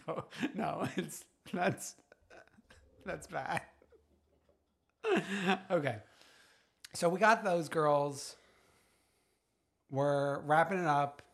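A man's voice: fairly high pitch, extremely slow, gravelly, pauses often. A man co-hosting a podcast, chatting casually and gossiping with frequent laughs. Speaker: podcast co-host. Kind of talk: casual chat.

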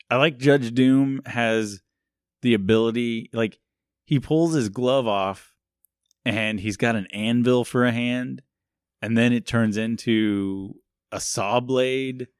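A man with a smooth mid-range voice co-hosts a podcast, talking slowly and steadily with long pauses. His rambling movie recap is jokey and self-mocking, peppered with laughs and "like." It's recorded in a studio with no room sound.

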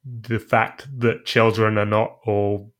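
Co-host, lowish voice, measured and explanatory book talk. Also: male voice, little pitch movement, fairly bright tone. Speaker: podcast co-host. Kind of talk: casual book discussion.

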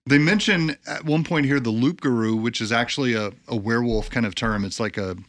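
A man's voice: medium pitch, fairly quick, a bit bright. Easygoing man co-hosting a chatty show. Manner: loose, joking, reads notes aloud. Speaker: podcast co-host. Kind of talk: casual chat.

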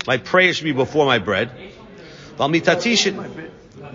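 A man's voice: fairly high pitch, lively intonation, unhurried, a crowd in the background. A man teaching a Talmud class to students, translating each Aramaic phrase into English. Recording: dull lo-fi recording, long reverb.

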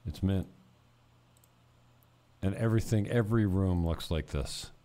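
A man's voice: deep voice, measured pace, dark tone. A man hosting a casual chat, laid-back, swearing now and then and trailing off mid-sentence.

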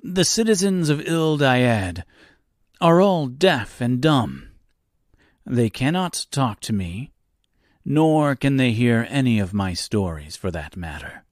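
A man's voice: medium pitch, big pitch swings, slow, dry recording, studio quality, voice pushed up. A man voicing a boastful, lonely male storyteller who plays host with grand, theatrical airs, for an audiobook reading.

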